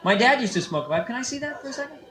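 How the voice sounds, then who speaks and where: A man in his twenties doing a loose stand-up set in a comedy club, teasing the audience and slipping into quick voices. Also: very high voice, sing-song, bright, forceful tone. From San Francisco. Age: 20s. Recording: echoey club room with audience noise. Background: audience laughter.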